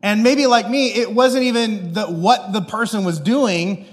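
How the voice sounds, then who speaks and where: A man preaching a sermon through an animated, self-deprecating personal story, acting out the people in it. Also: high voice, a little slow, big-room sound.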